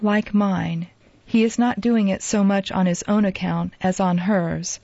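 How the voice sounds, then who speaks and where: A woman voicing a timid, remorseful young woman who speaks softly and kindly, in a storybook reading. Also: medium pitch, fairly even intonation, unhurried, creaky. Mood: anxious. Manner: soft, kindly, hasty when pressed. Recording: dull lo-fi dry recording.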